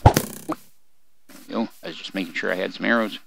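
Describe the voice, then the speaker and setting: A man's voice: low-pitched, fairly even intonation, normal speed, vocal fry, husky. An older man hosting a let's play, giving rambling, folksy gameplay commentary and chatting to his in-game animals. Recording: noisy home recording with mouse clicks.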